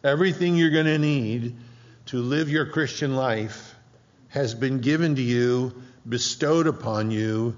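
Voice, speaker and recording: A man's voice: mid-range voice, a little slow. A middle-aged man preaching a sermon as pastor, emphatic, repeating phrases and restarting sentences. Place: church hall. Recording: dull sound with long hall reverb.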